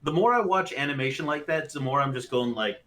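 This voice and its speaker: A man co-hosting a casual talk show, animated and joking, breaking into laughter often. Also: fairly quick. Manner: animated, laughs often, swings up into a high voice for jokes. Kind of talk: casual chat.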